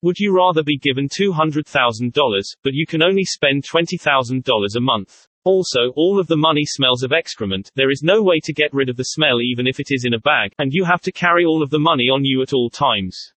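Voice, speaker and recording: Man doing a mock-posh British reader, stiff and formal, mid-pitched, dry. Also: lively intonation, brisk, few pauses, fairly bright tone, no room sound. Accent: put-on British.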